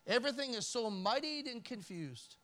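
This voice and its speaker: A Canadian male pastor with a notably high voice preaches a church sermon at a moderate pace with lively intonation. He swings between forceful, raised emphasis and hushed, almost whispered pleading, creating a dramatic push and pull.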